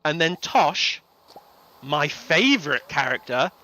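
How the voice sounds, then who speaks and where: A man's voice: fairly high pitch, animated, slow, sharp tone. A young man streaming a farming game, ranting animatedly and swearing in casual chat. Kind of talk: casual livestream chat while gaming.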